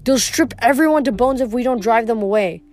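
A woman's voice: fairly high pitch, brisk, darkish tone, no room sound, close to an everyday voice. A woman voicing a brave young girl fighter who gives urgent, commanding calls.

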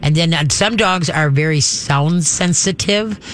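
A dog trainer runs a call-in advice show, talking folksy and chatty in a fairly high, slightly bright voice at a measured pace. He frequently starts sentences over, and for commands he drops to a firm, low growl. There's slight background noise.

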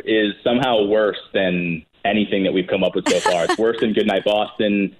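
A man co-hosting a podcast in casual chat, chatty and quick to laugh. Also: fairly low pitch, fairly even intonation, low-quality recording. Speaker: podcast co-host.

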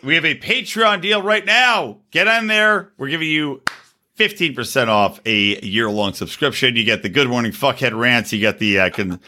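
A man's voice: mid-range voice, normal speed, pushed and bright. A man hosting a podcast, drunk and boisterous, slurring a little through casual banter. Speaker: podcast host.

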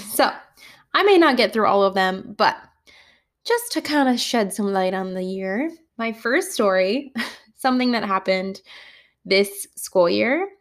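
A woman who is a kindergarten teacher, casually telling funny classroom stories with lots of laughter. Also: medium pitch. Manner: animated, laughs often while telling stories. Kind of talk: casual storytelling podcast.

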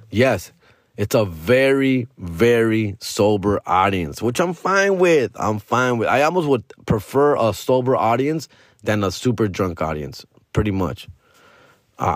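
A man's voice: lowish voice, lively intonation, a little slow, no echo, studio quality. A comedian hosting his podcast, telling a loose, repetitive story in casual slang. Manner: loose, slangy and repetitive, drops in "bro" and "fool".

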